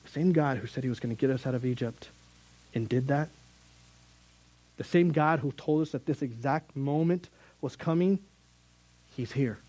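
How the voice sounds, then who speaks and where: A man's voice: medium pitch, moderate pace, long pauses, mellow, low-quality recording. A middle-aged man preaching a sermon as a youth Bible teacher, earnest and conversational, with sudden emphatic rises.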